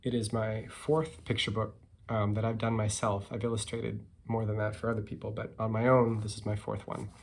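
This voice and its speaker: A man, a picture book author, reading his story aloud and chatting about it in a relaxed, self-deprecating way. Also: fairly low pitch, normal speed, vocal fry, slight background noise.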